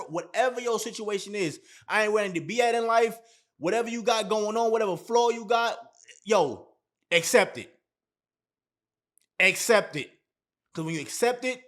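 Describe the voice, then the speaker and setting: High-pitched young male vlogger, emphatic motivational advice, repeats his punchlines, slangy and blunt. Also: a bit bright. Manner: emphatic and repetitive, heavy slang. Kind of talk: motivational advice talk to camera.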